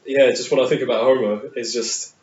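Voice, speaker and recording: A man's voice: medium pitch, fairly even intonation, brisk. Rambling, laughing male podcast host. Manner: rambling, laughs often between words. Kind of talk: casual chat. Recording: distant, roomy, dull sound.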